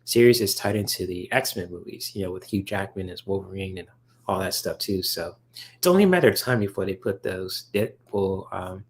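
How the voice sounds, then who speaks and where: A man hosting a relaxed livestream, reading viewers' chat and answering them. His voice sits low with a gravelly fry, and he talks in loose, rambling runs full of fillers. He sounds eager and chatty about the subject. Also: normal speed. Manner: rambling, filler-heavy, enthusiastic about comics.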